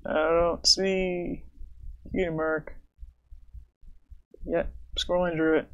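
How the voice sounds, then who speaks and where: A man's voice: a little high, flat delivery, slow pace, pauses often, fairly bright tone, lo-fi sound. A man chatting casually on his livestream as he draws, thinking aloud, humming to himself and chuckling between remarks. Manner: thinks aloud, hums and chuckles while he works. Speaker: livestreaming artist. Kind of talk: casual livestream chat while drawing.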